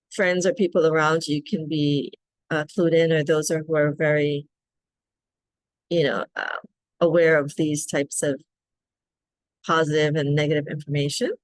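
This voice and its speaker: Gentle low-voiced woman guiding a practice. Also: dry recording. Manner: gentle, coaxing, asks "right?" often. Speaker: wellness facilitator. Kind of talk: guided self-care practice.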